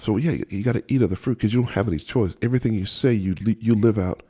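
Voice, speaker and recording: A man's voice: fairly low pitch, fast, mellow, slightly rough. A man preaching a sermon as a minister, earnest and fervent, often repeating and restarting phrases. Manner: speaks with fervor and emphasis.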